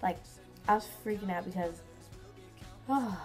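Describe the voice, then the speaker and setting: A woman's voice: mid-range voice, a little slow, soft background music. A teenage girl telling a vlog story in a giddy, gushing way, full of "like" fillers. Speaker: vlogger.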